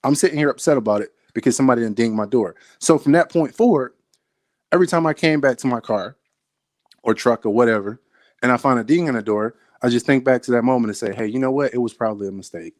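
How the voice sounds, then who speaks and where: A man's voice: medium pitch, quick pace, no echo. A man, a soldier, giving a motivational talk to camera, speaking straight to the viewer with emphatic repeated phrases.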